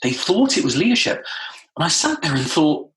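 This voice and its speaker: A man, a guest trainer in a podcast interview, telling stories animatedly and acting out quotes. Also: moderate pace. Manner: animated storytelling, acts out quotes with rising pitch. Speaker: guest, time management trainer. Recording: roomy echo.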